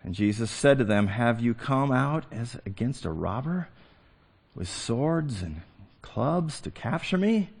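A middle-aged man preaching a sermon as a pastor, swinging from hushed, slow phrases to emphatic, excited ones. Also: medium pitch, creaky, breathy edge.

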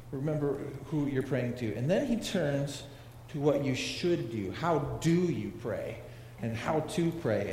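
A pastor delivers a sermon in a slightly high voice, talking to his congregation and throwing questions at them. His words ring through a large echoing room with a long reverb tail and a faint hum of ambience behind. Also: a little mellow. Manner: conversational preaching, asks the congregation questions. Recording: echoey hall with long reverb.

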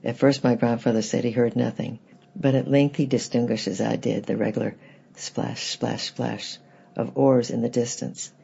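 A man reading a children's book aloud in gentle, plain storybook narration, with a husky, gravelly voice. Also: medium pitch, flat delivery, normal speed, dull audio.

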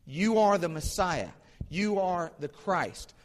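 A man's voice: fairly high pitch, big pitch swings, slow, a bit bright, heavily acted. A man voicing a blind beggar who cries out with raised, pleading calls. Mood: proclaiming. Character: blind beggar crying out, desperate and bold. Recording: long hall reverb.

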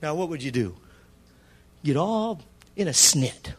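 Animated husky preacher man telling a story. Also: on the high side, unhurried. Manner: animated, acts out dialogue with shifting voices. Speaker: pastor. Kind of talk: storytelling sermon.

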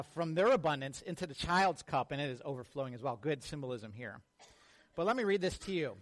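A man with a high voice delivers a sermon from the pulpit. As a pastor, he tells lively personal stories. He acts out the people in them as he goes. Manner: animated storytelling, acts out quotes.

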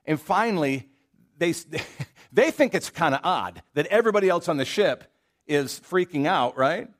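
With a slightly high, fairly bright voice, animated delivery, and a moderate pace, this Southern American pastor tells stories in a relaxed sermon. He fills it with asides, frequent fillers, and rhetorical questions.

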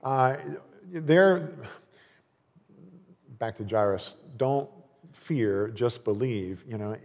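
A man preaches a sermon as pastor in a church, his voice lowish and a little mellow. He's earnest and conversational, with frequent fillers and restarts. The recording carries the long reverb of a church hall.

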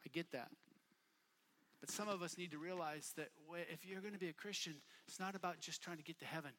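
A man preaching a sermon at a youth camp, casual and repetitive, building from quiet talk to shouting bursts. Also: a little high, fairly even intonation, a little fast, slight background noise. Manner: casual, repeats phrases for emphasis. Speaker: youth pastor. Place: camp meeting hall.

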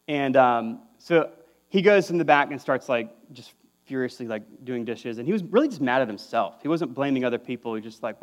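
A man's voice: mid-range voice, lively intonation, brisk. A young man, preaching a conversational sermon as a pastor, full of fillers and restarts.

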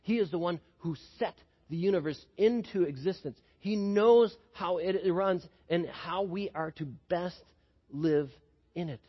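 Male pastor, high husky voice, chatty sermon style, echoing church hall, dull sound. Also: a little slow. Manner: conversational, asks the congregation questions. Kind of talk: sermon with personal story.

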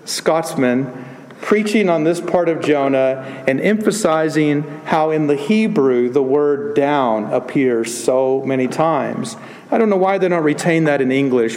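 A man's voice: mid-range voice, darkish tone, in a large hall, slight background noise. A pastor preaching a sermon, earnest and building in emphasis as he retells a story.

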